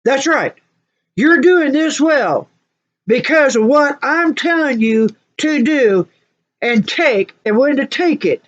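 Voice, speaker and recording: A woman voicing a stern middle-aged male doctor, scolding and insistent, hammering each point again and again. The voice sits high and pushed. The recording sounds muffled and lo-fi. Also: expressive, brisk, dark tone. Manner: insistent, repeating himself.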